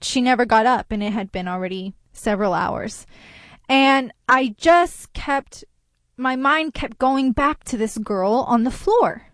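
A woman telling a personal story in an earnest, reflective way, with hesitant pauses and restarts. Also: on the high side, fairly bright tone, no room sound.

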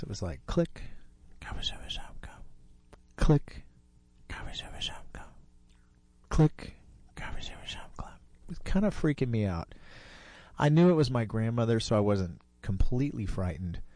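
A man in his fifties telling a personal story in a relaxed, unhurried way. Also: medium pitch, no room sound. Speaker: storyteller guest.

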